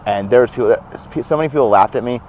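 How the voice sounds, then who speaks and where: A young man telling stories as a podcast guest, animated and laughing often, acting out what others said. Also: medium pitch, quick pace, a little hiss or hum. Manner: animated, laughs often, acts out quoted dialogue. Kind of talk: casual storytelling.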